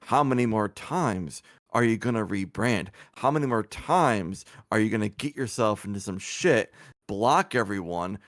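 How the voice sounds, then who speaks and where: A man's voice: mid-range voice, no room sound, clean studio sound. A man on a live stream, scolding and lecturing someone with repeated pointed questions. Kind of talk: casual live-stream commentary.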